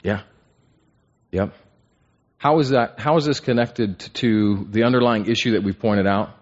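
Man, Bible study teacher, fairly low voice, dull lo-fi sound, asks questions, repeats words on restarts. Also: moderate pace. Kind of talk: interactive Bible class. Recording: dull lo-fi recording.

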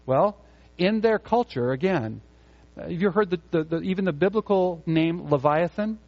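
A man's voice: high voice, expressive, moderate pace. A man preaching a sermon with emphasis, repeating key phrases to drive them home. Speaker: pastor. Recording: muffled lo-fi sound.

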